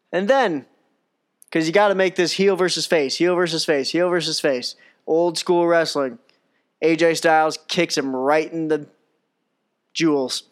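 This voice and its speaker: Male podcast host, slightly high voice, smooth and clear, sarcastic, excitable. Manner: excitable, sarcastic, rambling with fillers. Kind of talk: casual wrestling recap.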